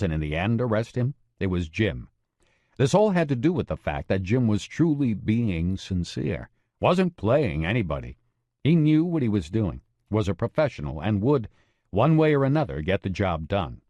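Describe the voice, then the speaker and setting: A man narrating a true-crime audiobook in a measured, expressive way. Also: lowish voice, no room sound.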